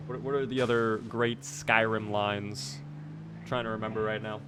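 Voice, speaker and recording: A man's voice: lowish voice, steady tone, moderate pace, background noise. A man streaming a game live, chatting casually, teasing his character and answering his chat.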